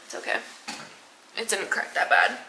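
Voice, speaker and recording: A young woman telling a story of her own in casual, animated chat, laughing often. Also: normal speed, roomy sound, slight background noise, poor audio.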